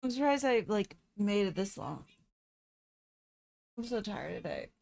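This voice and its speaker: A woman's voice: mid-range voice, sing-song, measured pace, vocal fry, darkish tone. A tired young woman chatting casually on a stream, drowsy and giggly. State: sleepy, tired. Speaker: host's wife.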